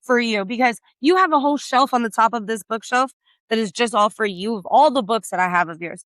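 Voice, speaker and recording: A woman co-hosting a podcast in a lively, profane, storytelling way. Her voice is bright and a little high, recorded close and dry with no room sound. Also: fairly quick, no room sound. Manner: animated, swearing, storytelling. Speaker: podcast co-host. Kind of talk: casual chat.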